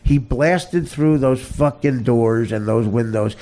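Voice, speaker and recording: A man hosting a podcast, launching into a profane comedic rant that swings between loud shouted bursts and low muttering, with stammered restarts. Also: takes it slowly. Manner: heavy cursing, repeats and stammers. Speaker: podcast host.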